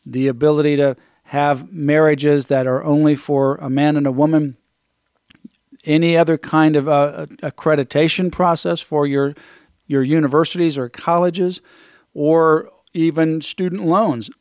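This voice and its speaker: A man's voice: a little high, fairly even intonation, measured pace, a little mellow, clean tone, no echo, studio quality. A man hosting a talk radio show, earnestly reading out quotes and commenting on them. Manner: earnest, reads quotes aloud. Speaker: radio host.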